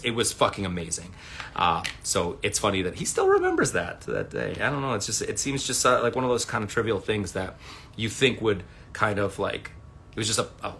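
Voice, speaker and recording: A man in his thirties tells loose, rambling stories to his livestream viewers from his room at home. His voice is bright and forceful, and it swings widely in pitch as he acts out quotes. He stumbles through restarts and fillers and swears casually. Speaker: livestream host.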